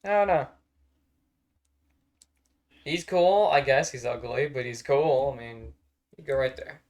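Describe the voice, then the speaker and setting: A man talks off the cuff on a live stream from home, his pitch sitting in an ordinary middle range. He rambles, swears often and gets exasperated quickly, as if chatting with an audience in real time. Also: darkish tone. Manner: rambling, profane and easily exasperated. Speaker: streamer ranking characters on a tier list. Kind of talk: casual live-stream chat.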